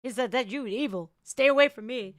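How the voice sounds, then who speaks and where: A woman hosting a casual livestream, chatting loudly and crudely with her viewers. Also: a little high, brisk, no room sound, clean studio sound. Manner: loud, bubbly, crude banter with viewers. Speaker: livestream host.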